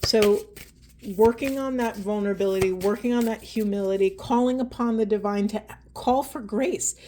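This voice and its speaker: A woman's voice: medium pitch, moderate pace, dark tone, slight background noise. A woman giving a heartfelt spiritual card reading, speaking directly and earnestly to her viewers. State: tearful and emotional. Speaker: tarot and oracle card reader.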